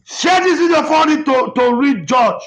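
A Nigerian man, a pastor, delivering a fiery rebuke to camera, shouting and repeating himself as he mixes Pidgin with English. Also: very high-pitched, animated, moderate pace.

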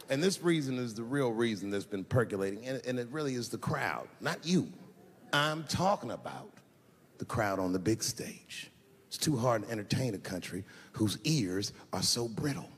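Guy doing standup in a huge theater, voice jumping up and down a lot, long echo, loud crowd noise. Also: sing-song, normal speed. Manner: loose storytelling, swings from low mutters to shouted punchlines. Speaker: stand-up comedian. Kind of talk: stand-up comedy set. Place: large theater stage with a laughing audience. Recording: live stage sound in a big reverberant hall.

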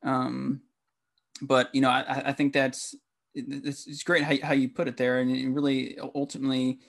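A man hosting a podcast interview, halting and agreeable as he responds to his guest. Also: medium pitch, flat delivery, gravelly. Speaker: podcast host. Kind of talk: casual interview chat.

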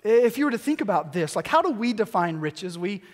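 High-voiced man preaching in a reverberant church. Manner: lively storytelling with quick asides. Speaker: pastor. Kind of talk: sermon. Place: church sanctuary. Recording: long church hall reverb.

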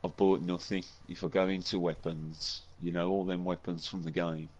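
A man with a very low voice trades short, dry, sweary remarks during a gaming session. He talks in a laconic way, never saying much at once. The sound is dull and lo-fi, like game chat audio. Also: flat delivery, moderate pace, darkish tone. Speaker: gaming friend.

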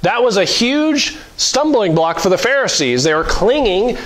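High-voiced man preaching a sermon. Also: sing-song, normal speed, fairly bright tone, low-quality recording. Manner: conversational preaching with mock-voiced asides and chuckles. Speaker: pastor.

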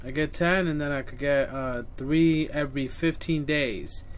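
A man giving profane live commentary on his own gameplay, excitable and muttering to himself between bursts. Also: a little high, unhurried, slight background noise. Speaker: gameplay streamer.

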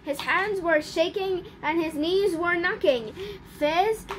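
A woman reading a children's picture book aloud in an expressive, careful storytelling manner. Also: very high-pitched, slow pace. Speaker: storybook reader.

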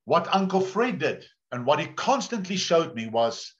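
A man's voice: fairly high pitch, sing-song, moderate pace. Man preaching a sermon. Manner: conversational storytelling preacher, repeats words. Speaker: pastor. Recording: dull lo-fi sound.

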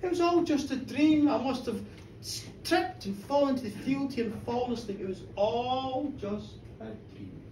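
A man's voice: very high voice, moderate pace, a little mellow, slight background noise. A storyteller playing a poor, hungry Irish countryman who stays wary and humble, in his own earnest voice. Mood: relieved. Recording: roomy live bar from far off.

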